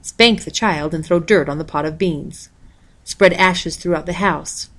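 A kind holy woman in blue from a storybook, speaking soft, slow and tender, as a woman reads her lines. Her voice is calm and motherly. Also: lowish voice.

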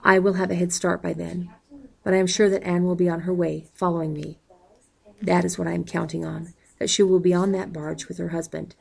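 A woman reading a novel aloud in a calm, even way, calling out the page numbers as she goes. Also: on the low side, a little fast, gravelly, husky, rough recording. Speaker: audiobook reader.

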